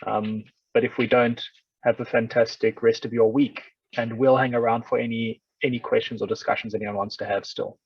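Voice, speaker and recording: A man hosting an online workshop over a video call, friendly as he thanks everyone. His voice is gravelly and a little husky. The audio is dull and dry, and he sounds set back from the mic. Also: mid-range voice, flat delivery, moderate pace, no room sound, distant mic. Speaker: workshop host. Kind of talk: online meeting facilitation.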